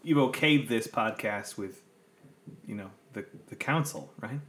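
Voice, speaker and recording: A man's voice: on the low side, a little slow, fairly bright tone. A man, a podcast guest, chatting casually and riffing mock-seriously about accents. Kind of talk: casual joking chat. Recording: roomy echo.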